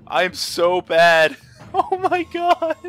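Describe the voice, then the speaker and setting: Dragging out his words, a young gaming host comments excitedly and casually on the card game he's playing. His voice veers from low muttering to high yelping as he laughs and swears.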